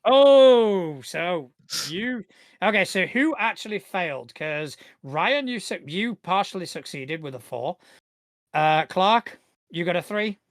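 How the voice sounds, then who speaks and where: A man's voice: high voice, expressive, takes it slowly, dry recording. A man narrating as game master of a tabletop game, describing scenes in a rambling, easygoing way with many fillers.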